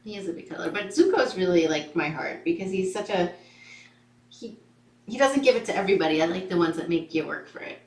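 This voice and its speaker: A woman's voice: lowish voice, animated, fairly quick. A woman chatting casually about foster kittens, chatty and affectionate, often giggling. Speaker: kitten foster parent filming a cam video. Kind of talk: casual chat. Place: indoor room with foster kittens. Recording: roomy room, far from the mic.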